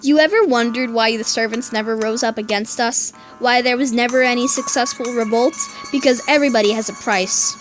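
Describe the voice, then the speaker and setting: A woman's voice: fairly high pitch, fairly quick, few pauses, soft background music, natural voice. A woman voicing a cold, menacing older male general who speaks in stern commands.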